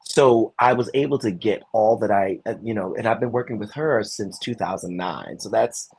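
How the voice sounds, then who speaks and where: A man, a Broadway performer, telling animated stories in an interview, with many restarts. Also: on the low side, normal speed, gravelly, slightly rough. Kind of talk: conversational interview.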